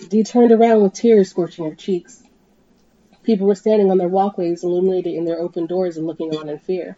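A woman reading a tense story aloud, her voice rising to shouts in the dramatic scenes. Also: on the low side, fairly even intonation, brisk, dry recording, highs cut off. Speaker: podcast host and story reader.

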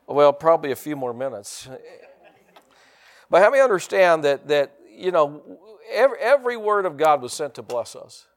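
Emphatic pastor, slightly high voice. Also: male voice, very animated. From United States. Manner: emphatic, call-and-response preaching with repeated phrases; slows down to stress key words. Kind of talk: sermon.

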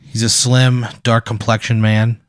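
A man's voice: medium pitch, little pitch movement, a little slow, smooth, no echo, clean studio sound. A man hosting and narrating an improvised second-person story, talking casually and ramblingly with lots of fillers. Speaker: host narrating a hypothetical.

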